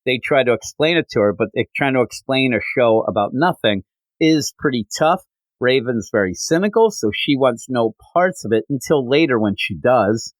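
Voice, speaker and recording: Male podcast host, chatty comic-book recap, mid pitch, dry close sound. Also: normal speed, dry recording, low-quality recording. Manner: animated recap, frequent fillers. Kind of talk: casual comic book review.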